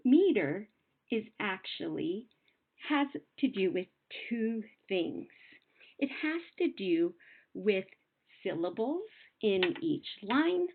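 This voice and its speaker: Lively sing-song woman teacher, phone-like sound. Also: medium pitch. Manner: patient, sing-song teacher talk, slows to sound out words. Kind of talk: recorded classroom lesson.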